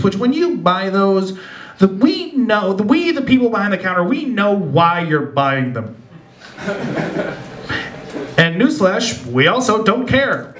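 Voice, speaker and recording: A young man doing a stand-up comedy set, telling laid-back stories and slipping into quick character voices. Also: high-pitched, a bit bright. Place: small club with a live audience. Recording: echoey club room with crowd laughter.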